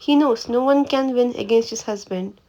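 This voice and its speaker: A woman narrating a fan fiction story in a plain, even reading voice. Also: a little high, a little fast, highs cut off.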